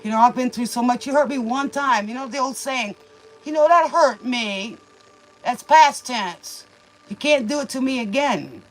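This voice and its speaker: A woman with a voice on the high side hosts a tarot reading livestream, offering folksy, preachy life advice in a casual way and calling the listener "baby." The recording quality is low.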